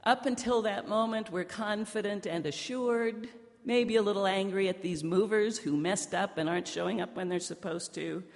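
Long hall reverb surrounds this woman pastor as she preaches, recounting a personal story in a conversational way. She speaks at normal speed in a mid-range voice and gets lively when the punchlines land.

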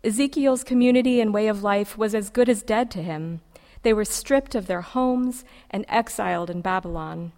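A woman preacher giving a sermon, reciting a poem in a measured, poetic way with dramatic pauses, in a church sanctuary. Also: mid-range voice, a little mellow. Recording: long reverb of a large hall.

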